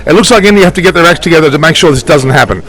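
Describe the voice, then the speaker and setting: A man's voice: a little high, animated, a bit bright. A man interviewing people on a busy street, upbeat and chatty. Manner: upbeat, chatty, quick-talking. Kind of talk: vox pop street interviews.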